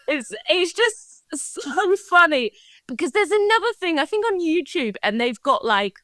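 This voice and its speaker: A woman from Australia, a podcast guest chatting casually, lively and laughing often. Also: very high-pitched, measured pace, no echo.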